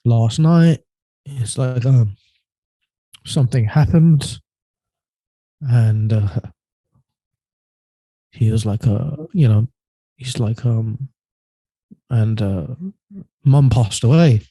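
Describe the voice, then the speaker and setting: A man telling a personal story as a podcast guest, halting and hesitant, often trailing off quietly. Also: mid-range voice, breathy edge, dry recording.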